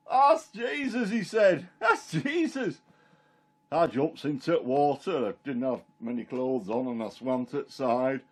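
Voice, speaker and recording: A man's voice: medium pitch, a little mellow, close to an everyday voice. Peter the fisherman, plain-spoken and chatty , played by a man, first-person monologue. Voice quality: homely dialect storytelling, plain and chatty. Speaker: Christian storyteller in character.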